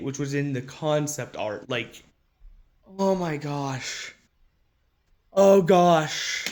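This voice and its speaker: A man ranting in an angry, profane, mocking commentary, talking into a phone. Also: fairly high pitch.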